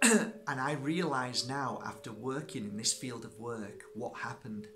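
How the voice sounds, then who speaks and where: A man's voice: medium pitch, measured pace, sharp tone, slight background noise. A middle-aged man, a crystal energy healer, talking casually to viewers and telling a personal story, often checking in with "okay?". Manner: chatty, checks in with listeners.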